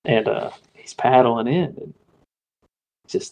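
A man's voice: mid-range voice, measured pace, vocal fry, a little mellow, low-quality recording. A man hosting a podcast, telling a story in a laid-back, slangy way, leaning on "like" and "dude.". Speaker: podcast host. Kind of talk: casual storytelling chat.

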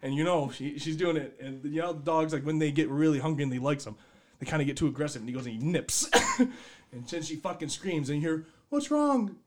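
A man's voice: fairly high pitch, steady tone, fast. A man telling a crude, rambling comic story, swearing often and breaking into laughter.

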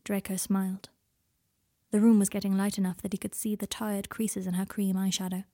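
A woman narrating her own story in a soft, hushed, unhurried way. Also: mid-range voice, level tone. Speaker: author and reader.

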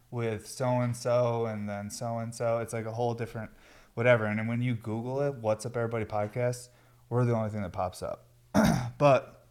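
A man's voice: mid-range voice, darkish tone. A stoned man hosting a podcast from his garage, rambling in a laid-back way and swearing freely. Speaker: podcast host. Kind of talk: casual rambling chat. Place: home garage.

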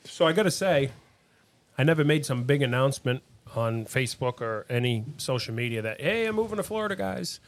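A man in his thirties with a Boston accent, chatting as a podcast guest and telling stories with lots of restarts. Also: mid-range voice. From Massachusetts. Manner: animated storyteller, quick restarts. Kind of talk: casual chat.

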